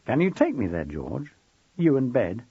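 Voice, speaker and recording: A man voicing a patient, dry-humoured older head of sixth form who coaxes softly. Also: mid-range voice, wildly swooping pitch, a little slow, slightly rough, dry recording, narrow, tinny audio, exaggerated voice. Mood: wry. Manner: soft-spoken, dry, coaxing.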